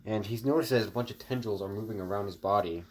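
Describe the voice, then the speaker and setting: A man's voice: on the low side, fast, a little mellow, slight background noise. A man casually narrating an improvised story, rambling with fillers and restarts and talking to his viewers. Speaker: online storyteller.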